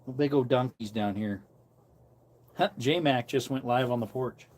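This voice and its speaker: A man's voice: medium pitch, unhurried, darkish tone. A man who preaches, chatting casually on a livestream from an outdoor porch and wandering between topics as he reads comments aloud.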